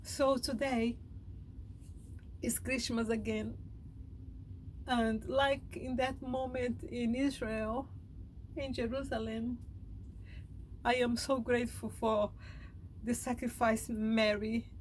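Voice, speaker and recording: Slow, high-voiced emotional woman speaker. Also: little pitch movement, slight background noise, low-quality recording. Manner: halting, heartfelt, emotional. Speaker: spiritual speaker. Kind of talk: meditative reflection.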